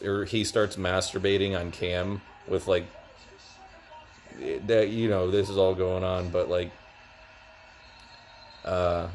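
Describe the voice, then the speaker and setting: Low-voiced young guy, loose rambling reviewer, heavy on fillers. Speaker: show reviewer. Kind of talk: casual video review.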